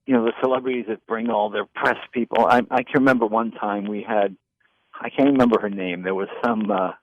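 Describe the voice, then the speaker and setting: A man in his sixties, a comedian and former talk show host, telling lively anecdotes in an interview and acting out the people in them. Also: lowish voice, brisk, no echo. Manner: animated anecdotes with quoted voices. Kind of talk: storytelling interview. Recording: dull lo-fi dry sound.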